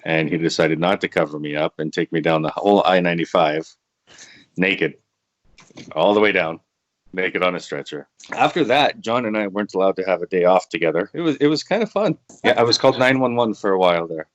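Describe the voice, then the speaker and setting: A man's voice: sits low, animated, fairly quick, no room sound, muffled recording. A man from Canada, a casino dealer, telling a casual story and repeating words for emphasis. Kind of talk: casual anecdote.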